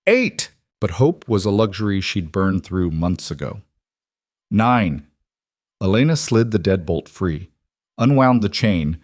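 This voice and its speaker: A man narrating a dark crime story in a steady, measured way. His voice sits low, and the recording is dry and close with no room sound. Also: no echo.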